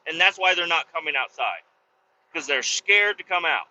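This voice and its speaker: A man's voice: fairly high pitch, sing-song, normal speed, bright, forceful tone, muffled recording, slight background noise. A man hosting a podcast, telling a story in casual, profane, laid-back talk while driving a car. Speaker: podcast host.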